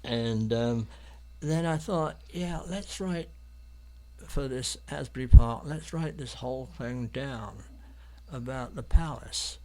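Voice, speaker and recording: An English artist from London, a guest in an interview, tells anecdotes in a rambling, hesitant way, with many ums and restarts. His medium-pitched voice is a little mellow, and he takes it slowly.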